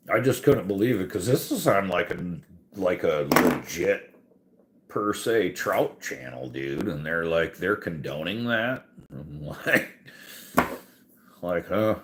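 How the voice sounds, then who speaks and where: A man's voice: low-pitched, fairly bright tone, slight background noise. A man telling a profane, exasperated story on a casual podcast, laughing often as he goes. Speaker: podcast host.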